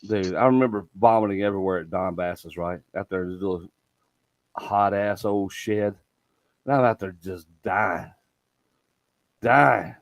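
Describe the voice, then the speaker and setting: A middle-aged man with a drawl tells stories with lively energy and a fair bit of swearing. His voice sits low. The sound is close and dry, with no room around it. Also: measured pace, long pauses, dry recording, poor audio. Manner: animated storytelling, swears freely. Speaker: podcast host. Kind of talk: casual chat.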